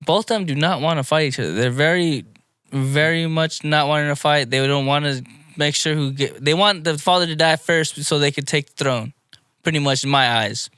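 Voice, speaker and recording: A man co-hosting a casual podcast, recapping anime episodes in a rambling, animated play-by-play. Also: on the high side, normal speed, smooth, dry recording, studio quality. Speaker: podcast co-host.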